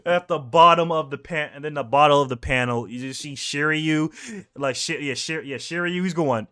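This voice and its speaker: A man's voice: on the high side, moderate pace, pushed and bright, smooth. A young man casually reading through a manga chapter, rambling and correcting himself as he goes. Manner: rambling, self-correcting, chuckling. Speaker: manga reaction host.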